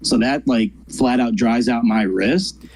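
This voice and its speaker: A man of middle pitch, a cook chatting as a stream guest. He talks in a laid-back, halting way, full of fillers. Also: darkish tone, poor audio. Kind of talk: casual chat on a live stream.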